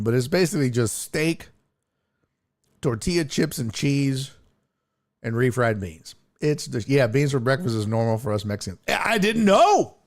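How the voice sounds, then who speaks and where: A man hosting a casual livestream, reading viewer comments in a loose, profane way and laughing often. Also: on the high side. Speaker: sports talk show host.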